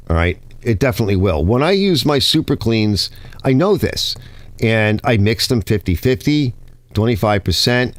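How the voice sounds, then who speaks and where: A man's voice: lowish voice, dry recording. A man hosting a garage channel, explaining cleaning chemicals and tools in blunt, casual shop talk with some swearing. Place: home garage workbench. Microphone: close mic he sometimes bumps.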